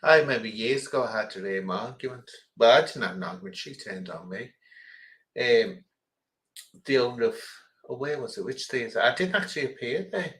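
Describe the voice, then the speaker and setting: A man's voice: medium pitch, expressive, moderate pace, fairly bright tone, poor audio. Middle-aged english guy rambling on, opinionated, lots of ums, casual chat. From England. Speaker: host.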